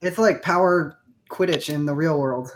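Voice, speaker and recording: A man's voice: a little high, moderate pace. A man co-hosting a casual podcast in a laid-back, slangy way, teasing the others. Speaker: podcast co-host. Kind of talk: casual chat. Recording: noticeable background hiss.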